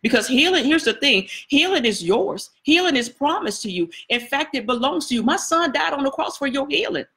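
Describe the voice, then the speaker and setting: This prophetess preaches in a chatty style, circling back on phrases and speaking directly to her listeners. She has a high, somewhat bright voice, animated and fairly quick, rarely pausing.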